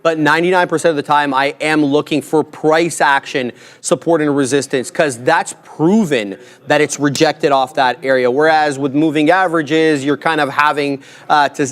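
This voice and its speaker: A man giving live trading commentary, muttering running remarks while he places trades on a stream. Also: fairly high pitch.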